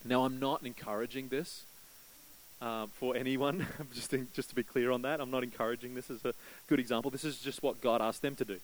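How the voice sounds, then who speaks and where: A man's voice: steady tone, fairly quick, a little hiss or hum, poor audio. A man preaching a sermon as pastor, telling a story and acting out the voices in it. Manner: storytelling, acts out quoted prayers with rising pitch.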